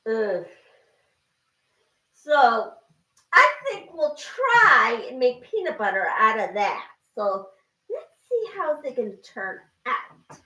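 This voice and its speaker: A woman talks herself through a recipe in a home kitchen, her voice high, bright and swinging widely in pitch. She speaks slowly, exclaiming as her eyes tear up from chopping. The sound is roomy and distant, as if the camera sits across the kitchen. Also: very animated. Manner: talks to herself while cooking, many exclamations. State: teary-eyed from chopping. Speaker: home cook. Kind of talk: casual cooking narration.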